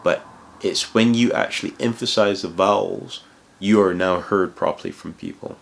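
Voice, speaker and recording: Deep-voiced man rambling through career tips. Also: normal speed, vocal fry. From outside England, moved there. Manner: rambling, full of restarts and "you know". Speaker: cloud consultant giving career advice. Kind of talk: casual advice vlog.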